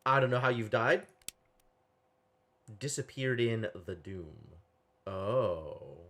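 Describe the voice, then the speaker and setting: A man streaming a game live, puzzling aloud in an animated, exclaiming way on a desk microphone. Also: lowish voice, slow pace.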